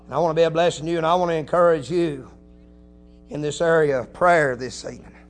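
Preacher, high-pitched man, quiet storytelling that climbs to shouting, faint music underneath. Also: fairly even intonation, quick pace. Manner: folksy, punctuated with hallelujahs. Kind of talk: Pentecostal-style sermon.

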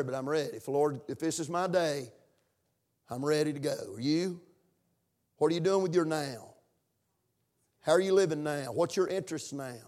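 A man's voice: a little high, a little mellow. A middle-aged man preaching a sermon and leading a fervent prayer. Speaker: pastor.

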